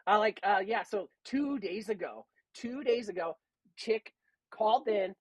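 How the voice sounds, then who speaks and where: A man's voice: sits high, expressive, unhurried, no echo, poor audio. A man on a podcast, telling a work story in a casual, rambling way and swearing a lot. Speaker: podcast co-host.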